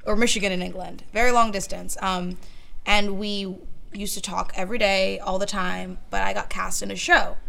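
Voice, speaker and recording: A woman's voice: medium pitch, level tone, moderate pace, vocal fry, bright, forceful tone. A woman co-hosting a podcast, telling a candid story in casual chat, rambling with frequent restarts. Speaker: podcast co-host.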